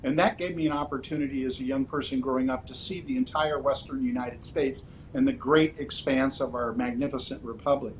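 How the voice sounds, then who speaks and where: A man in a candidate interview who answers in a measured, orderly way, often pausing on "uh" between points. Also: mid-range voice, steady tone, slight background noise, rough recording. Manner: measured, orderly, with frequent "uh" fillers. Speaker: political candidate.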